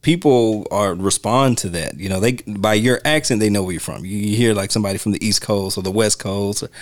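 Lower-voiced man, casual film podcast. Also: fairly quick. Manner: animated retelling, acts out quotes. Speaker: podcast host.

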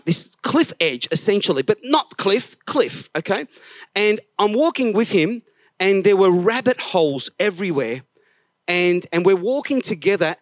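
A middle-aged man preaches to a church service, his voice sitting high for a man. He leans hard on his points, drops to a hush, then lifts again, and sometimes sings a line of a hymn. The sound is close and dry. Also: dry recording. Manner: emphatic, swings from hushed to raised, sings snatches of songs. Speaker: pastor. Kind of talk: sermon.

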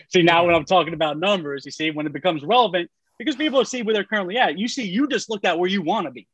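A man's voice: high-pitched, fast, a bit bright, slightly rough, no room sound, dull audio. A man who works in taxes explains tax brackets in casual chat, with many fillers like "uh" and "like". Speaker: tax professional guest.

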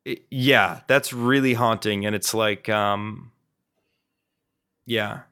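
A young man co-hosting a podcast who tells a story in an animated, casual way, full of fillers and swearing. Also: fairly low pitch, slow, clear, resonant tone, no room sound, studio quality. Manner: animated and profane, with frequent fillers. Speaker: podcast co-host.

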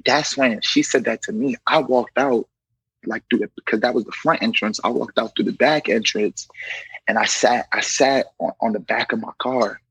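A man's voice: mid-range voice, normal speed, vocal fry, slightly rough, dry recording, low-quality recording. A young man, a correctional officer, telling a personal story casually and acting out what others said. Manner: animated, acts out quoted dialogue; conversational, frequent "you know".

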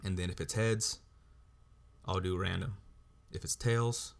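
A man's voice: deep voice, steady tone, a little slow, creaky. A man hosting a solo podcast, ranting bluntly and swearing heavily as he talks. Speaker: podcast host.

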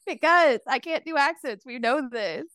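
Bright and high-pitched, this woman speaks at a normal speed with lots of animation as a podcast co-host on a remote call mic. She's bubbly and laughs a lot during the casual chat, and the sound is echo-free and studio quality.

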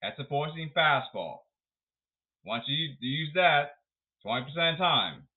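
A man rants about the game in a sarcastic, emphatic way, his voice swinging widely up and down. He talks slowly and a little high, and the sound is thin and tinny, like a phone line. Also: animated, breathy edge. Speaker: baseball commentator. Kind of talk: sarcastic baseball rant.

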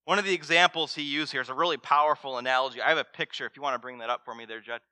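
A man preaching a sermon as pastor, swinging between loud emphasis and hushed words and asking the congregation direct questions. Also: mid-range voice, fairly even intonation, very fast, no echo.

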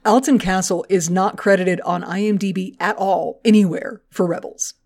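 A woman's voice: medium pitch, fairly even intonation, moderate pace, a little mellow. A woman co-hosting a podcast in casual chat, chatty and profane, laughing often as she recaps. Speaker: podcast co-host.

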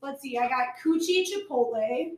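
A woman's voice: high voice, animated, moderate pace. A young woman co-hosting a podcast in casual chat, playful and giggly, sometimes drawing out her words. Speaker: podcast co-host. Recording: echoey room with faint noise.

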